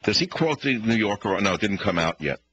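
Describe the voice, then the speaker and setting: Combative Bronx-accented radio host. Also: male voice, on the low side, big pitch swings, a little fast, a bit bright, slightly rough, lo-fi sound. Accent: New York (Bronx). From the Bronx, New York. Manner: combative, ranting with rhetorical questions. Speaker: radio talk show host. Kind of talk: talk radio monologue.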